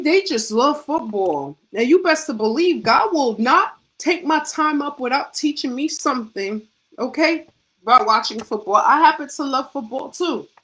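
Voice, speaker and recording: A woman's voice: high voice, a bit bright, poor audio. A middle-aged woman and faith coach giving a devotional pep talk, full of rhetorical questions and punchy repetition, with casual vernacular slang.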